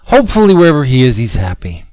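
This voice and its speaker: A man's voice: mid-range voice, very animated, fast talker, a little mellow, no echo. A man hosting a comic book podcast in casual chat, jokey and teasing. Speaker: podcast host.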